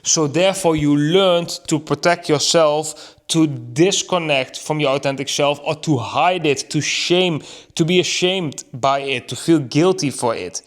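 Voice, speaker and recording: A man in an earnest, reflective monologue, thinking aloud with rhetorical questions and slowing down to stress key words. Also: fairly high pitch. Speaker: vlogger.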